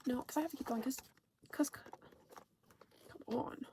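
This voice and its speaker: A woman's voice: high-pitched, normal speed, background noise. A woman casually recapping a TV show for her channel, rambling, swearing and saying "like" constantly while she corrects herself.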